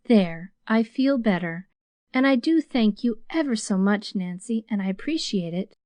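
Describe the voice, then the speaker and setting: A woman's voice: medium pitch, animated, measured pace, a little mellow, no echo, natural voice. A woman voicing an earnest teenage girl, tearful and pleading, in a storybook reading.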